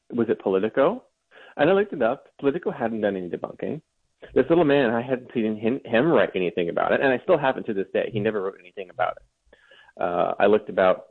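A man from Ohio, a guest author, telling a long story in an interview and often restarting his sentences. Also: lowish voice. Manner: storytelling, with frequent restarts and mocking mimicry. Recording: tinny phone-like remote line.

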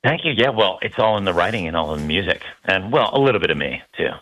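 A man's voice: deep voice, animated, quick pace, a bit bright, low-quality recording. An American man chatting as a guest on a radio show, loose and self-deprecating, with many fillers. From United States. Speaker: guest actor. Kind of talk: casual radio interview.

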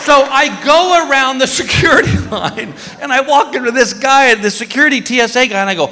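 Middle-aged male comedian, animated storyteller, bright voice, live hall reverb, faint audience noise. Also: very high voice, fairly quick, hardly any pauses, a faint crowd. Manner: storytelling, animated, self-deprecating. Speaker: stand-up comedian. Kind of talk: stand-up comedy. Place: theater stage.

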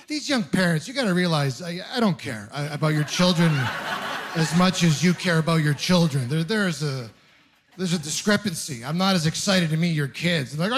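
A man in his thirties from Ontario doing a stand-up comedy set, telling stories with animated, acted-out voices. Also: fairly high pitch, fairly quick, a little hiss or hum. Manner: animated storytelling, acting out voices. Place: comedy club stage with audience.

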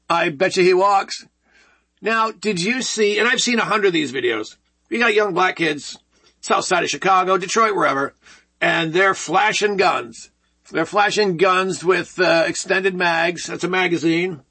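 A man's voice: high-pitched, moderate pace, sharp tone, breathy edge. A man hosting a talk radio show, joking and rambling in a sarcastic way.

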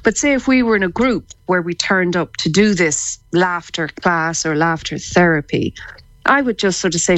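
Brief: female guest therapist, lower voice, chatty, laughs easily, tight dry studio sound. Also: a bit bright, dry recording, low-quality recording. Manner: chatty, quick restarts, easy laughs. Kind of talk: radio interview chat.

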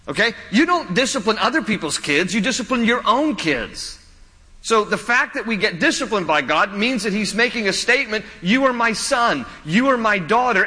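A man preaching a sermon as a pastor, telling stories with animated, self-deprecating humor. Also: sits high, long reverb tail, rough recording.

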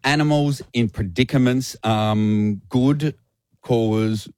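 A man's voice: mid-range voice, slow, darkish tone, no room sound, clean studio sound. A man hosting a playful radio chat show, laughing often and teasing his co-hosts. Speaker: radio host. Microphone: studio microphone.

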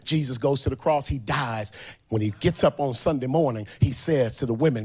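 A man preaching a sermon who tells scripture stories in casual slang and builds to a sung, shouted climax. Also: normal speed. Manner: animated, drops low and quiet for storytelling, then rises to a sung, shouted climax.

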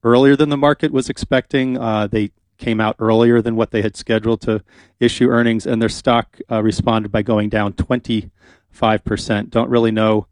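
A man's voice: fairly low pitch, level tone, moderate pace, a little mellow, no room sound. A man hosting a radio talk show, chatting casually and rambling with fillers in a studio.

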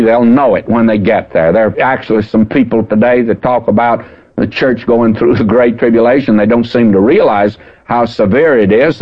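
An older man preaching a folksy, emphatic radio Bible teaching, slowing down to stress the scripture he quotes. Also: medium pitch. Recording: dull old radio broadcast.

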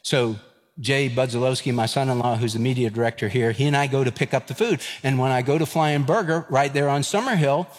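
A man's voice: mid-range voice, fairly even intonation, fairly quick, big-room sound. A man, preaching a sermon and telling a folksy story, acting out the voices in it. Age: 50s. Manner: folksy storytelling, acts out dialogue. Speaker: pastor.

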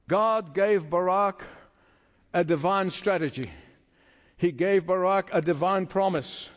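A man's voice: sits high, long reverb tail. A man preaching a sermon, emphatic and repeating phrases for stress.

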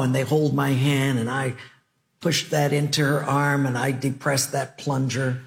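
A male preacher at a middle pitch delivers a sermon full of stories. He is animated and jokey, acting out the back-and-forth dialogue himself. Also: normal speed, creaky. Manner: animated, joking, acts out dialogue. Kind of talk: sermon with storytelling.

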